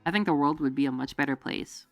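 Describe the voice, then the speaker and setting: Speaking fast in a low voice, this streamer chats casually, sitting close to the mic with a dry, echo-free sound. Faint music runs beneath her as she wanders from thought to thought, laughing and using lots of fillers.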